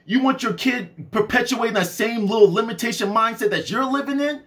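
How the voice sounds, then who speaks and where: Young male vlogger, high-pitched, fervent straight-to-camera rant. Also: fairly quick, fairly bright tone. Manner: fervent, preachy, talks straight to the audience. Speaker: spiritual and health vlogger.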